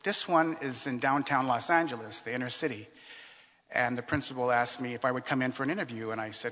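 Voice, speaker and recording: A man from California telling his life story in a reflective, earnest way, with many fillers and pauses. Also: mid-range voice, pushed and bright, in a large hall. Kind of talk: personal storytelling.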